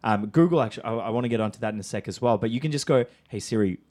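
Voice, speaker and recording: A man's voice: mid-range voice, racing, a little mellow. A man hosting a podcast, leading a casual, upbeat brainstorm with his guests. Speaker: podcast host. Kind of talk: casual chat.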